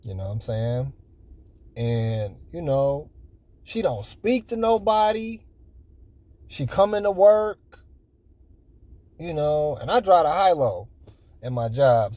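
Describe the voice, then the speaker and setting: A man's voice: fairly high pitch, mellow. A man in his forties telling everyday stories in a casual, rambling way, packed with "you know" fillers. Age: 40s. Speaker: vlogger. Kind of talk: casual storytelling.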